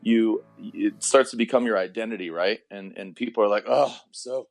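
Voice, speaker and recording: A man's voice: lowish voice, fairly even intonation, brisk, faint music behind. A man in his forties, a motorsport announcer chatting as a podcast guest, rambling and restarting his sentences with plenty of jokes. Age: 40s. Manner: rambling, self-interrupting, joking. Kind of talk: casual chat.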